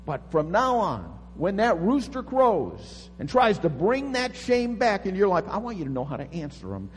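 A pastor preaching a sermon dramatically, swinging from hushed tones to booming calls. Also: male voice, wildly swooping pitch, normal speed, few pauses, long reverb tail, faint music behind. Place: church sanctuary.

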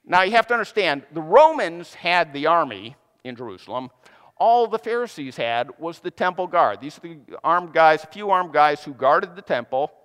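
A man's voice: a little high, animated, normal speed, fairly bright tone, clean tone. A man preaching a sermon, retelling a scripture story in a casual, conversational way with playful asides. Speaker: pastor. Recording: long hall reverb.

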